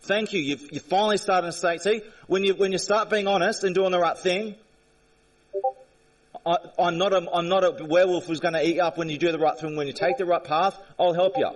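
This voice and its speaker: Angry high-voiced man ranting far from mic. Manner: confrontational, repetitive, swearing. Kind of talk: angry rant at a chat viewer.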